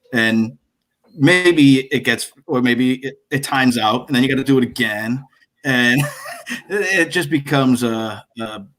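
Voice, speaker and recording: A man talking as a guest in a casual chat, often restarting his sentences and laughing quietly. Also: medium pitch. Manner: halting, with restarts and dry laughs.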